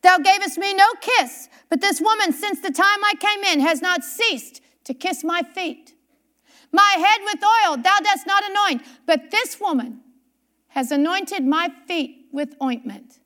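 A woman's voice: extremely high pitch, animated, unhurried, pushed and bright. A woman preacher delivering a sermon, reading scripture aloud, repeating key phrases for emphasis and asking her congregation questions.

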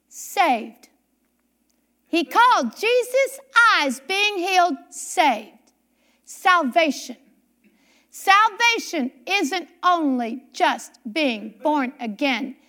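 A woman's voice: very high-pitched, pushed and bright. A woman preacher delivering a sermon, reading scripture aloud, repeating key phrases for emphasis and asking her congregation questions.

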